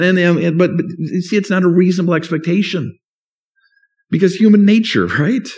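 Male pastor, mid-high voice, conversational sermon delivery with quoted asides. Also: normal speed, darkish tone. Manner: conversational preaching with rhetorical questions and acted-out quotes.

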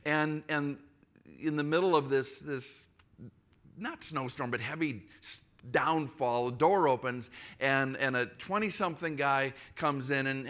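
A man in his forties preaching a sermon in a relaxed, storytelling way with frequent restarts. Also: medium pitch. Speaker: pastor.

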